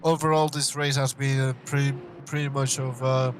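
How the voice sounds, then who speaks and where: A man commentating a live sim race, excitable and full of fillers and exclamations. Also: medium pitch, normal speed, background noise.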